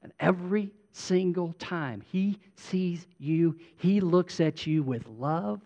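A man preaching a sermon as a pastor, moving from emphatic declarations to a quiet, intimate prayer voice. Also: high voice, takes it slowly.

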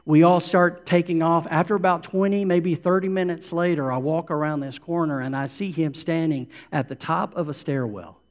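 A man's voice: fairly high pitch, moderate pace, hardly any pauses. A middle-aged man preaching a sermon, repeating phrases for emphasis as a pastor. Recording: long hall reverb.

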